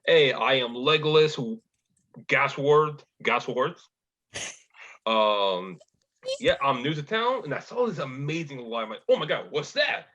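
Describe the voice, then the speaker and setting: A man playing an upbeat young elf hustler who talks in a breezy, excitable, salesy way, on dull lo-fi audio. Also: medium pitch, a little slow.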